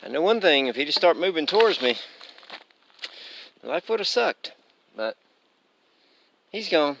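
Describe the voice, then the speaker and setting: On a forest trail, a thru-hiker vlogger talks to his handheld camera in a relaxed, wandering, self-deprecating way, sometimes winded from the climb. His voice is slightly high, gravelly and fairly bright, with a sing-song lilt and a slightly slow pace, and there's a little hiss or hum on the audio.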